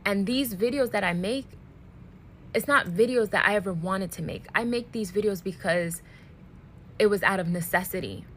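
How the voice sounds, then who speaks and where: A woman speaking earnestly and deliberately to camera, emotionally worn out. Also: medium pitch, a little hiss or hum, poor audio. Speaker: social media creator. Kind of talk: direct-to-camera commentary video.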